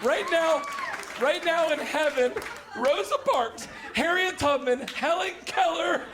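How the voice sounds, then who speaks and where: A young man telling a crude stand-up story, excitable and laughing through his lines. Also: very high voice, measured pace, a crowd in the background. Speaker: stand-up comedian. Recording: heavy noise in recording.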